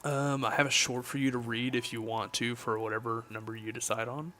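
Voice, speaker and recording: A man's voice: mid-range voice, level tone, a little fast, sharp tone, slight background noise. Chatty young man streaming a game. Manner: chatty, jokey, reads chat aloud. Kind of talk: casual livestream chat while gaming.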